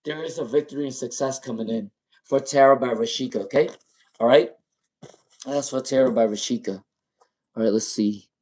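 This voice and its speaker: A man's voice: medium pitch, normal speed, pauses often, darkish tone. A man giving casual tarot readings on a live stream, repeating names and questions as he reads the chat. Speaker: tarot reader.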